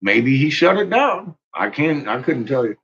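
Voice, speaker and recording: A man's voice: medium pitch, sing-song, normal speed, a bit bright, a little hiss or hum. A man ranting on a live stream in casual, profane talk, laughing often and calling out to his viewers by name. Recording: muffled lo-fi recording.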